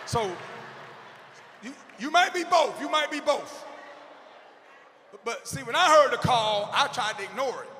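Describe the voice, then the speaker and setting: A man in his forties giving an animated, comedic motivational speech to teachers, shouting punchlines and acting out characters. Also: high-pitched, normal speed. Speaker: motivational speaker. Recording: long echo of a big hall.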